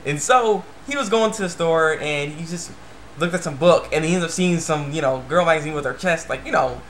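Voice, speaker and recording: A young man with a somewhat high voice recaps an episode in a loose, rambling way. He stacks up fillers and keeps retelling scenes with "he's like". A faint hiss sits under the recording. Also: fairly quick, a bit bright. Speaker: anime reviewer.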